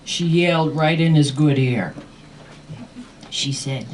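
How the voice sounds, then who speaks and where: A woman host telling a comic personal story live in a cafe, animated and often laughing, recorded from a distance. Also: sits low, slow pace, long pauses. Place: cafe performance space. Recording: distant mic with faint room noise.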